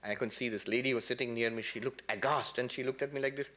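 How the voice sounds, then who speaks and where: A man giving a spiritual lecture to a temple congregation, telling stories in a lively way with playful asides and sudden high, emphatic peaks. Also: quick pace.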